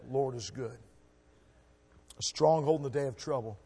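A male missionary preacher giving a revival sermon, emphatic, shifting between loud exhortation and quiet asides. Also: medium pitch, moderate pace, gravelly, breathy edge. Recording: echoey hall with long reverb.

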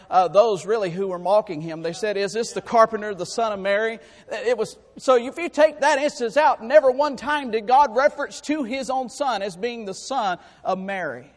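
A man preaching a sermon, emphatic and repetitive, his voice climbing louder and higher to drive home points. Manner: emphatic, rises in pitch and volume for rhetorical points; repeats and restarts words while preaching. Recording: long hall reverb.

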